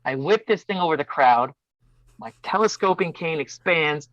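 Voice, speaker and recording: A man telling a personal story as a podcast guest, animated and acting out voices. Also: on the high side, moderate pace, dry recording. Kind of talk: casual storytelling. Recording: dull dry lo-fi sound.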